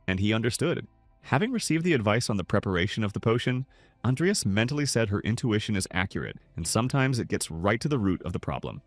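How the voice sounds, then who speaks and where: A man's voice: on the low side, sing-song, fast, no room sound, faint music behind. A man narrating a scripted story recap.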